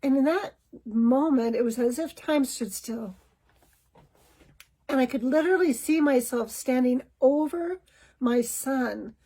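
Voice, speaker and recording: Husky woman telling a personal story. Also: high-pitched, measured pace, mellow, low-quality recording. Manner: candid, self-examining, clears throat now and then. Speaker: podcast host.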